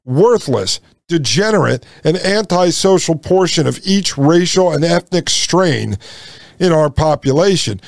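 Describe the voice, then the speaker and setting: A man's voice: on the high side, gravelly, dry recording. A man hosting a podcast, reading a text aloud and breaking off into sarcastic commentary. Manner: sarcastic, mocks with put-on voices. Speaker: podcast host.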